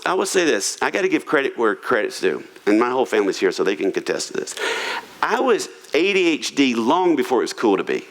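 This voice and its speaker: A man's voice: medium pitch, fairly bright tone, poor audio. A man preaching a sermon in a humorous, conversational, self-deprecating way. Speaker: pastor. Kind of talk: sermon on marriage. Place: church auditorium.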